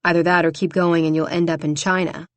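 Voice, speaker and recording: Woman doing Brock, a calm, teasing young man. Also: fast, no echo, natural voice. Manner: teasing, low-key and calm. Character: teasing playful young man, romantic lead.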